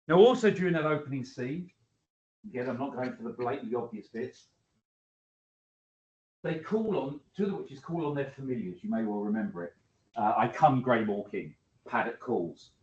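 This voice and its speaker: A male teacher giving a lecture to students, emphatic and animated, with frequent ums and uhs. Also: medium pitch. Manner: emphatic, varies loudness, many fillers. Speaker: English teacher. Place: school hall. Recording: echoey hall, dull lo-fi sound.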